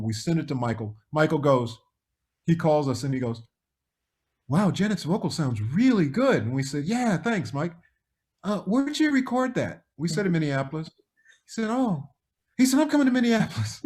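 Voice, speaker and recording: A man, a music producer guest, telling a story in an interview and acting out the voices of the people in it. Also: mid-range voice. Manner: animated, acts out quoted voices.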